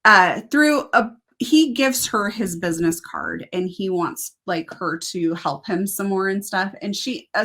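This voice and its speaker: A woman's voice: mid-range voice, a bit bright. A woman co-hosting a book review show, casually retelling a story with lots of "like" asides. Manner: retelling a plot with "like" and "he's like" asides. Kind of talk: casual chat.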